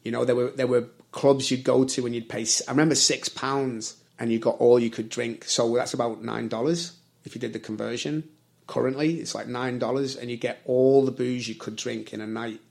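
A man in his thirties with a gravelly edge to his voice, talking in a loose, rambling way. He often stops to correct himself, and his talk is full of fillers. He sounds like a guest in a casual chat. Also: mid-range voice, fairly even intonation, brisk, darkish tone. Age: 30s. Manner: rambling, self-correcting, many fillers and restarts. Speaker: service worker and conversation guest.

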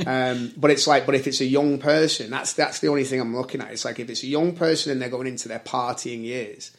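A man's voice: medium pitch, fairly even intonation, a little fast. A man in his thirties from the United Kingdom, chatting casually and rambling, correcting himself often with many fillers. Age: 30s. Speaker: service worker and conversation guest. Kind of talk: casual chat.

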